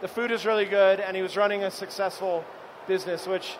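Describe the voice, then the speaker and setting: A high-pitched man talks casually through a live cooking demonstration, telling stories and asking the audience questions. Faint noise from the event fills the background. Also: steady tone, fairly quick. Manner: chatty, storytelling, addresses the audience. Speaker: chef giving a cooking demo. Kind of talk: live cooking demo with banter.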